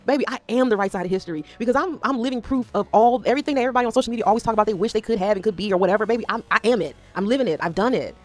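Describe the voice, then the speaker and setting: A Northeast US woman in her thirties rants in a casual, unscripted vlog. Her voice runs on the high side, and she's animated and profane, swinging between loud outbursts and quiet asides.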